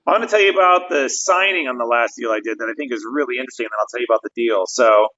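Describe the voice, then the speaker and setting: Animated man telling stories, dull audio. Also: medium pitch, rapid-fire. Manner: animated storyteller, laughs often. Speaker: podcast co-host, real estate investor. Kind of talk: casual livestream chat.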